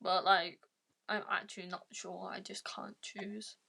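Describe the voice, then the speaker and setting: A woman's voice: medium pitch, flat delivery, measured pace, vocal fry, sharp tone, breathy edge. A woman from England with a Birmingham accent, chatting casually on a live call and hesitating with many fillers. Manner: hesitant, full of "like" and restarts. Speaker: guest speaker.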